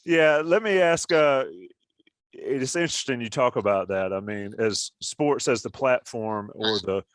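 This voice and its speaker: A man's voice: medium pitch, unhurried, no room sound. A man co-hosting a sports podcast, asking a guest a loose, rambling question that he restarts several times. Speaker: podcast co-host. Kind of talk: casual interview question.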